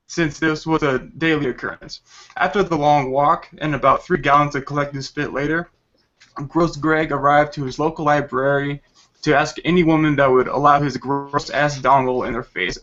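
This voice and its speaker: A man's voice: on the high side, a bit bright, lo-fi sound. Man reading a crude comic story, laughing. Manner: laughs while reading crude lines, stumbles over words. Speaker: podcast host reading a story.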